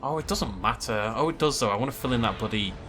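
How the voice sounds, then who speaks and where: Brief: male let's-player, animated delivery, bright, forward tone. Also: medium pitch, fast talker. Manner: chatty, excitable, swears casually. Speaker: let's play host. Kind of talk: casual gameplay commentary.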